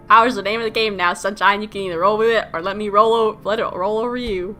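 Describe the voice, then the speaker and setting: Girl streamer doing a loud cocky aussie drifter guy, menacing, bright voice. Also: medium pitch, fairly even intonation, a little fast, soft background music, natural voice. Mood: smug. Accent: put-on Australian. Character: swaggering rough Australian drifter man, menacing. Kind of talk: game character reading.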